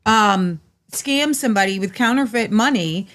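A woman's voice: medium pitch, animated, moderate pace, a bit bright. A woman co-hosting a casual chat show, blunt and opinionated, often cutting in. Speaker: co-host.

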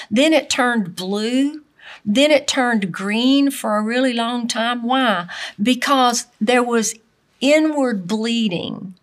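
A middle-aged woman preaching a sermon with a somewhat high voice. She speaks slowly and haltingly, restarting phrases as she goes, and leaves long pauses between her points.

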